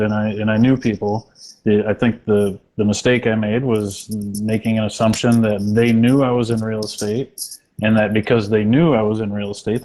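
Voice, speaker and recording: A man speaks in a low, flat tone, choosing his words carefully. He answers as a real estate agent on a panel, pausing and restarting as he reflects. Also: low-quality recording. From small rural county. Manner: reflective, measured, many restarts.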